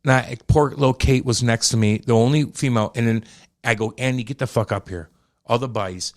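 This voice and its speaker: A young man with a St. co-hosts a podcast in an easy, casual chat. He swears constantly and piles on rapid, animated stories. His voice sits in a middle range. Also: medium pitch. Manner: profane, animated storytelling. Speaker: podcast co-host.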